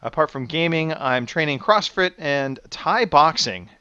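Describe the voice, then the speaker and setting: Easygoing male podcast host, bright tone. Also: a little high, expressive, a little slow, smooth, no echo, dull audio. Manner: easygoing, reads out member intros. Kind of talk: casual podcast chat.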